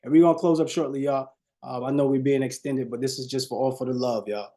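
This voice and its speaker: Mellow-voiced man coaching a sales call. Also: medium pitch, fairly even intonation, fast. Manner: preachy, repeats phrases, shifts tone on purpose, talks to audience as y'all. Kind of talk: live online coaching call.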